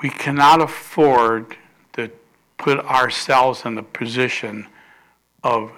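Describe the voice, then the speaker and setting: A man preaching a sermon as pastor, telling a story and acting out the quoted voices, with sudden loud rises and soft drops. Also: mid-range voice, steady tone, slow.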